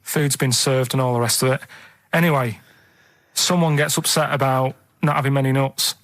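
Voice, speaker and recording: Deadpan man, rambling. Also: mid-range voice, normal speed, very noisy. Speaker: radio show regular. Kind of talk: casual radio chat. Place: radio studio.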